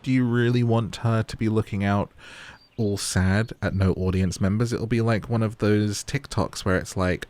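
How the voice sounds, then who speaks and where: A man's voice: lowish voice, fairly even intonation, normal speed, a little mellow. A man giving playful, joking commentary while playing a game and talking to its characters. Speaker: gaming YouTuber. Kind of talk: casual gameplay commentary.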